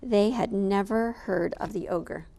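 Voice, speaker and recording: A woman reading a picture book aloud to listeners with an expressive, animated delivery. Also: medium pitch, unhurried, vocal fry, slight background noise. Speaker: storyteller.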